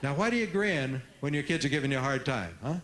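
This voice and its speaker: A man's voice: mid-range voice, very animated, fast talker, fairly bright tone, reverberant. A man giving a humorous parenting seminar who acts out dialogues and prompts the audience to answer. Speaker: parenting workshop speaker. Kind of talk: seminar talk with audience call-and-response.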